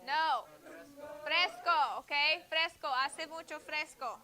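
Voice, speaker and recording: A woman's voice: high voice, takes it slowly, bright, forceful tone. A woman teaching a Spanish class in a school classroom, drilling students on phrases and patiently correcting their answers.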